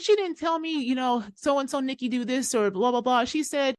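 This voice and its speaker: A woman podcast host telling a story in an animated, emphatic way, swearing freely as she talks. Her voice sits a little high, and the recording is close and dry with no room sound. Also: moderate pace, no room sound. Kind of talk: casual conversational storytelling.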